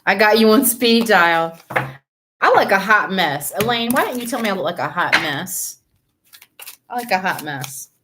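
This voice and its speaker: A woman's voice: mid-range voice, animated, a little slow, noisy background. Chatty woman hosting a tarot live stream. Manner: chatty, greets viewers by name, laughs often. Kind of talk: casual live-stream chat with viewers.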